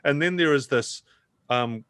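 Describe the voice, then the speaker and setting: A man at a mid-range pitch guides players through a tabletop adventure. He narrates in a measured, descriptive way. The sound is dry and close. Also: a bit bright, smooth, no room sound. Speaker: dungeon master.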